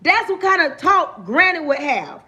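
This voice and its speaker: A woman's voice: sits high, sing-song, moderate pace, pushed and bright. A woman hosting a livestream, giving emphatic, repetitive life talk and often checking in with her listeners. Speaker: livestream host. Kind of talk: preachy motivational livestream talk.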